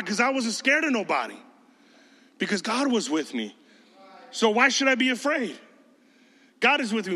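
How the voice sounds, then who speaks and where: High-pitched, with a bright and forceful edge, this pastor's voice echoes with long reverb, like in a big hall. His sermon is emphatic yet conversational, and he puts on mocking voices to drive his points home.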